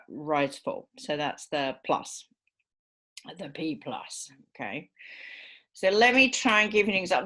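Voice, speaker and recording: Low-voiced woman giving a lecture. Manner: explanatory, many fillers, acts out example phrasings. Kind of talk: university lecture.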